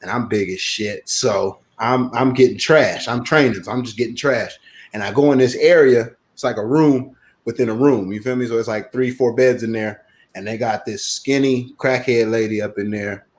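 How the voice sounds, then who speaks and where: Man telling a rough story in a mid voice. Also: medium pitch, moderate pace. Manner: profane, loose storytelling. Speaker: podcast co-host. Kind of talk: casual chat.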